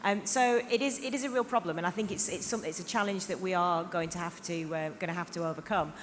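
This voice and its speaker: A woman's voice: lowish voice, quick pace. A woman from the north of England speaking as a conference panelist, with many hesitations and fillers. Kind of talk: panel discussion. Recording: reverberant hall, faint hiss.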